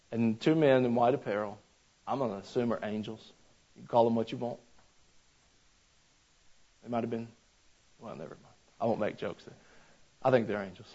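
A man's voice: mid-range voice, moderate pace, long pauses, darkish tone, breathy edge. A man preaching a sermon in a folksy, conversational way, talking straight to his congregation. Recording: slightly dull lo-fi sound.

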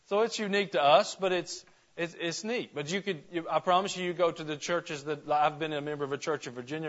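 A man's voice: on the high side, lo-fi sound. A man from Georgia preaching a conversational sermon to his church, folksy and full of questions to the congregation. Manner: folksy, asks the congregation questions, frequent restarts. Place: church sanctuary.

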